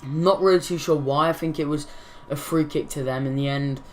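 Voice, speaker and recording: A man's voice: fairly high pitch, steady tone, a little fast, a little hiss or hum. A young man hosting his gaming channel, casually commenting over football game footage, rambling and correcting his own slips.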